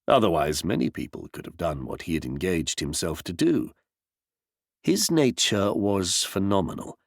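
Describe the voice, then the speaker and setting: A man narrating an audiobook novel in a measured, expressive storytelling manner on a close mic. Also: on the low side, vocal fry, no room sound. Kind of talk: scripted narration.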